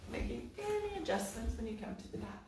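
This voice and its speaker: A woman yoga teacher calmly guiding a class through relaxation, naming one body part at a time. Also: fairly high pitch, creaky. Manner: slow, calm, one word at a time. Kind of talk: guided relaxation instruction. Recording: echoey room, far from the mic, faint noise.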